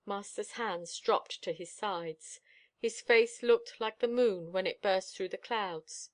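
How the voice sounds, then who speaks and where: A woman narrating an audiobook in steady, expressive storytelling, told as the dog's own account. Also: medium pitch, takes it slowly.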